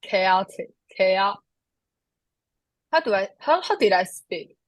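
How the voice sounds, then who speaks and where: A woman's voice: mid-range voice, very animated, slow, no room sound. A woman with a Chinese accent practicing English pronunciation, repeating words carefully in a coaching session. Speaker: pronunciation student.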